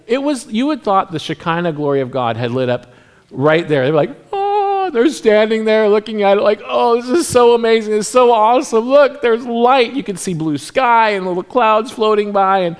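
A pastor telling a long, rambling story in a sermon, acting out the voices of the people in it. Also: male voice, fairly high pitch.

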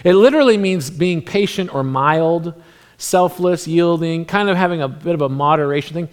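Male pastor, slightly high voice, chatty sermon that swings between lively and hushed. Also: moderate pace. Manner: conversational preaching that swings from animated to hushed, near-whispered passages.

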